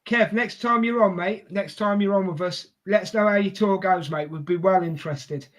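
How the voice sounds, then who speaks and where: Co-host, male, London accent, high-ish voice, casual live match banter and reading the chat. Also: moderate pace. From Scotland. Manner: chatty, reads out viewer messages. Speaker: co-host of a football watchalong. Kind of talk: live football watchalong chat.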